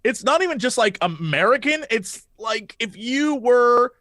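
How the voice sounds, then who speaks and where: A man on a podcast, chatting excitedly about games, swearing and acting out lines of dialogue. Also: very high-pitched, unhurried, dry recording, clean studio sound. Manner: excitable, profane, acts out dialogue. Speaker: podcast guest. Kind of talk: casual chat about games.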